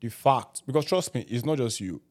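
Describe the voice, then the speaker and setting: A man's voice: mid-range voice, animated, a little fast, a little mellow. A man from Nigeria with a Nigerian accent, talking in a casual group chat and repeating himself for emphasis. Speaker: podcast co-host.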